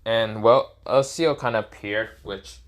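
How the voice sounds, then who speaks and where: A man improvising a fan story aloud, rambling with many fillers and clearing his throat often. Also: fairly low pitch, a little slow.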